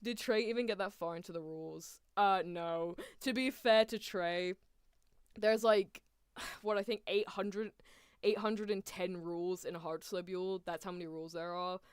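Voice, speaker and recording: A woman's voice: fairly low pitch, fairly even intonation, moderate pace, clear, resonant tone, no room sound, clean studio sound. A woman streamer giving casual, giggly watchalong commentary and asking her chat questions.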